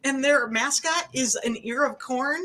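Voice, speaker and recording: A middle-aged woman hosting a casual interview, laughing often and asking quick questions. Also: high-pitched, bright, forceful tone. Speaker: podcast host.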